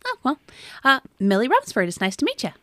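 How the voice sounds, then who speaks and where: A woman's voice: high-pitched, wildly swooping pitch, brisk, a bit bright, no room sound, studio quality, heavily acted. A woman playing a chatty, friendly antiques-hunting traveler with a Southern accent in a tabletop game.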